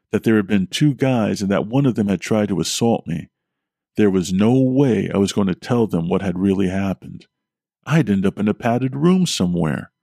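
A man, a podcast host, reading a horror story aloud in a steady, measured way. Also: fairly low pitch, creaky, dry recording, studio quality. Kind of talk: scripted horror story narration.

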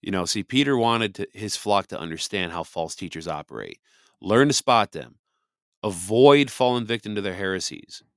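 Low-voiced man giving casual Bible commentary. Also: lively intonation, normal speed, fairly bright tone, no echo, studio quality. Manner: conversational, frequent "you know" fillers, emphatic preaching. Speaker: podcast host.

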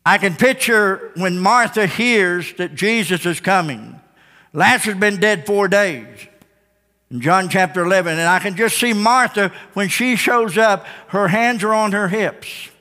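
A man's voice: high voice, measured pace, bright, forceful tone. A man preaching a sermon, retelling a story dramatically and firing rhetorical questions at the congregation. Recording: long hall reverb.

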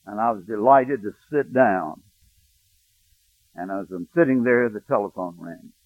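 A male pastor preaching a sermon, telling a personal story, hushed in tender moments and rising to emphatic preaching. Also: lowish voice, lively intonation, a little slow, no echo. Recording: dry, thin phone-like sound.

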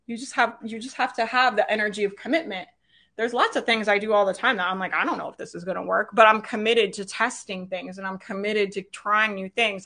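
Bright, upbeat woman coaching. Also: medium pitch. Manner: upbeat, chatty, laughs often, peppers with "right?". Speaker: business coach. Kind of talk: recorded live business training.

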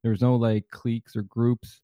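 A man's voice: medium pitch, little pitch movement, moderate pace, no echo, muffled recording. A man hosting a podcast in a casual, easygoing way, with lots of fillers and restarts. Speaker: podcast host.

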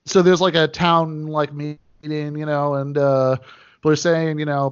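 A man chats as a podcast guest, his voice sitting a bit high. He hesitates and restarts his sentences often. The sound is dull and lo-fi, like a remote call. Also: flat delivery, moderate pace, clear, resonant tone. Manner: hesitant, many fillers and restarts. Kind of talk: casual chat over a call.

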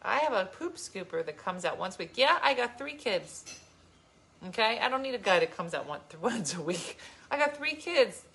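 A woman vlogger talks straight to her viewers in a casual, emphatic way. Her pitch swings widely as she tells her stories, and her tone is bright and forward. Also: normal speed, gravelly. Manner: emphatic, animated storytelling. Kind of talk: casual chat to viewers, reading comments.

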